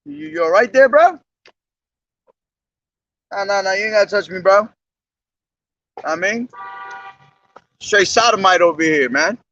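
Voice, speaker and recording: Outdoors at a bus station, a young man slowly declaims scripture, then switches to slangy, profane street talk aimed at a camera he holds himself. His voice is high, expressive, bright and forceful, and the sound is dry and lo-fi.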